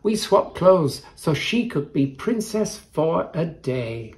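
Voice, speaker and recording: A man's voice: on the high side, big pitch swings, slow pace, darkish tone, exaggerated voice. A man voicing a friendly, polite young princess in a children's story.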